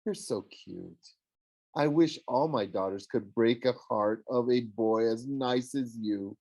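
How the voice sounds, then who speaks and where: A man's voice: medium pitch, slow pace, darkish tone. A man voicing a dramatic, swooning goddess of love in an audiobook, gushing and theatrical. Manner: gushing, theatrical, sing-song. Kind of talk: audiobook character voice.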